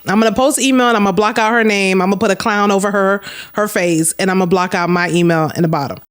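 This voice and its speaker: A woman's voice: medium pitch, steady tone, fast, clear, resonant tone. A woman telling a storytime to her camera, candid and blunt, swearing freely and talking straight to her viewers. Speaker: storytime vlogger.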